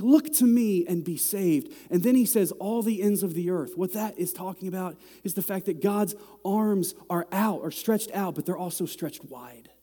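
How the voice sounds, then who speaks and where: A middle-aged man preaching to his congregation, with a warm, mellow voice a little higher than most men's. He talks in a loose, conversational way and builds to loud, exasperated peaks, and a long reverb trails each phrase through the big hall. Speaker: pastor. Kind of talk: sermon.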